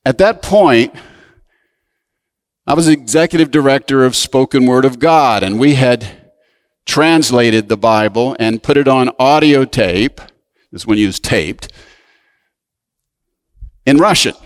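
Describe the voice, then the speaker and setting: Preaching a sermon, a medium-pitched man tells a story, swinging from raised, emphatic lines to hushed asides, with no echo on the recording.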